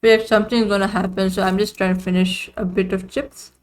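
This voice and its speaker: A young woman playing a story game, reading the characters' lines aloud and reacting with jumpy, animated chatter. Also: medium pitch, fairly quick, hardly any pauses, a little hiss or hum. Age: young adult.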